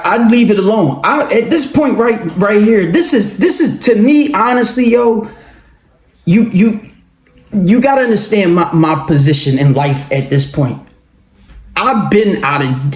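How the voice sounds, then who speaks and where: Man, casual storytelling, high voice, profane, animated, echoey room. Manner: profane, animated, laughing often. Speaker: vlogger telling a personal story.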